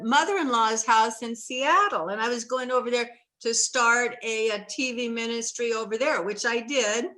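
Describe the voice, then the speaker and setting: A woman hosting a faith talk show speaks slowly and unhurriedly, with a bright, clear tone. Her pitch sits a little high. She is earnest and emotional, and at times she laughs or her voice catches. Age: older. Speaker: host.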